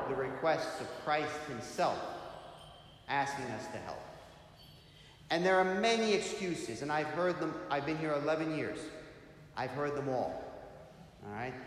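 Man, preacher, sermon, rhetorical questions, very roomy echo, faint hiss. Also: a little high. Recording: echoey hall, faint hiss.

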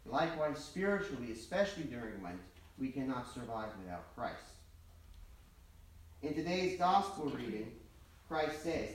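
A man's voice: mid-range voice, sing-song, normal speed. A male priest preaching a sermon, telling stories in a conversational way with casual asides. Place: church. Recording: echoey church from far off.

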